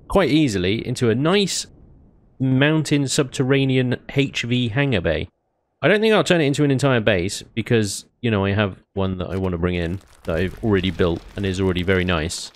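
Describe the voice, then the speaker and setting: A man's voice: on the low side, no room sound. Chatty man narrating his game. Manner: chatty, excitable, laughs often, mild British slang. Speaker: gaming YouTuber. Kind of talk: casual let's-play commentary.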